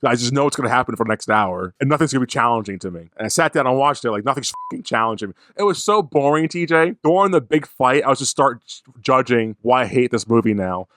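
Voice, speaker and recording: A man's voice: medium pitch, fast, hardly any pauses, dry recording. Guy on a movie podcast going off sarcastic, voice jumping all over, dry mic. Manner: animated, exasperated ranting with sarcastic asides. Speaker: podcast co-host. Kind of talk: casual movie review chat.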